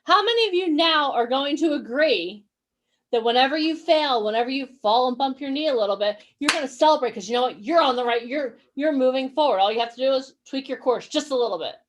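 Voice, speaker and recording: A woman's voice: sits high, animated, brisk. A woman coaching actors and models in a motivational online workshop. She talks energetically, encourages her listeners and keeps asking them questions.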